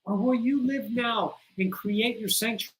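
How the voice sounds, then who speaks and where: A woman's voice: fairly high pitch, moderate pace, poor audio. Blunt, profane woman preaching spirituality. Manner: addresses viewers directly with insistent repetition. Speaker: spiritual livestream host. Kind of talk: spiritual teaching livestream.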